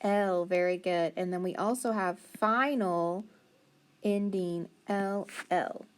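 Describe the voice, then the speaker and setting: A woman teacher leading a phonics lesson for young children, sounding out syllables slowly and praising answers with patient encouragement. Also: lowish voice, slight background noise.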